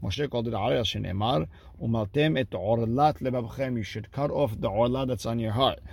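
A man's voice: medium pitch, normal speed, gravelly, darkish tone, slight background noise. A man giving a daily Talmud lesson, reading the text aloud line by line and then translating it in casual speech. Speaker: Talmud teacher.

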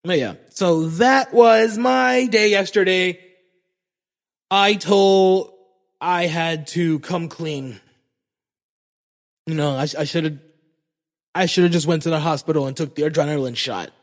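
A man's voice: fairly high pitch, slow, pauses often, in a large hall. A young man from Florida, telling a comic story as a podcast host, swearing freely and mocking himself. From Florida, USA. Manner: profane, animated, self-mocking. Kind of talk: comedic storytelling monologue.

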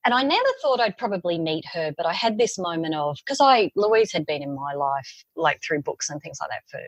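A middle-aged woman with a slightly lower, breathy voice, spinning animated anecdotes as a podcast guest. She throws herself into quoted lines. The sound is close and dry. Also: a little fast, dry recording, muffled recording. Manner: animated storyteller, lively acted-out quotes. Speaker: psychologist guest. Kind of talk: casual podcast interview.

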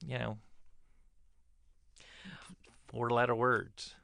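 A man's voice: mid-range voice, little pitch movement, normal speed, gravelly, sharp tone, no echo. A man co-hosting a podcast in casual chat, playful and teasing, often cutting in on his partner. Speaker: podcast co-host.

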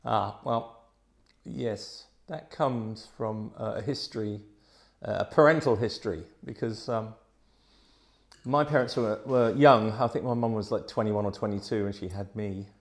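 A man, a guest telling lively anecdotes and acting out the voices in them. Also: on the low side, a little slow, vocal fry. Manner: animated, acts out voices in his stories. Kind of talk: anecdotal storytelling.

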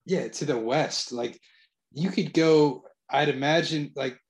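A man's voice: on the high side, a little slow. A man co-hosting a casual chat, with laid-back, skeptical banter.

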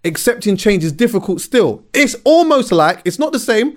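A man hosts a casual podcast chat. His voice sits a little high. He reasons through ideas slowly and reflectively. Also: very animated. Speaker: podcast host.

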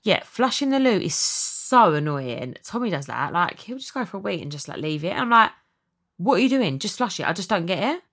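Chatty woman, slightly low voice. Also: sing-song, fairly quick, hardly any pauses, fairly bright tone. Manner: emotional, chatty, lots of likes and ums. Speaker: podcast host. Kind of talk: casual chat.

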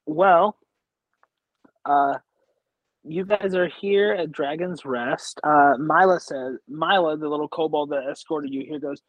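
A man runs a tabletop game in a rather high voice with casual, chatty narration. The sound is dry and close to the mic. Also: unhurried, dry recording, highs cut off. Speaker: dungeon master.

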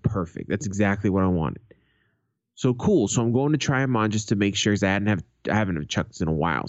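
A man's voice: low voice, no echo. A man co-hosting a podcast, telling a rambling story in casual, heavily profane chat. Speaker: podcast co-host. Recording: dull lo-fi sound.

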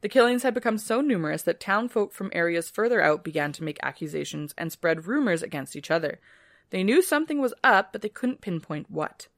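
A woman's voice: fairly low pitch, expressive, brisk, dry recording. A woman co-hosting a podcast, reading a history script steadily and breaking off for dry casual asides. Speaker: podcast co-host.

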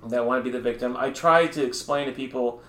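A man's voice: mid-range voice, fast talker, fairly bright tone, reverberant. A man chatting on a podcast about surviving cancer, talking bluntly, swearing freely and laughing at his own rants. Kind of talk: casual podcast chat.

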